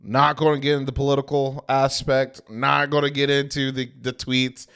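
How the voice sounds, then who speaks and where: A man's voice: medium pitch, level tone, normal speed, gravelly, hardly any pauses, fairly bright tone, clean tone. A young man co-hosting a podcast in casual chat, rambling with lots of fillers. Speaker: podcast co-host.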